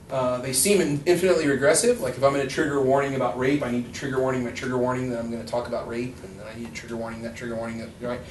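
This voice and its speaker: Chatty man lecturing in an echoey room. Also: medium pitch. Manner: chatty, joking, acts out quoted voices. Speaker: rhetoric professor. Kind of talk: casual classroom lecture. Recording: roomy echo, far from the mic, faint noise.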